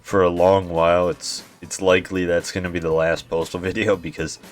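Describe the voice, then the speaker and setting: A man's voice: low voice, flat delivery, a little fast. A young man giving laid-back gameplay commentary, swearing often, chuckling and sounding tired. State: yawning, tired. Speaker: gaming YouTuber.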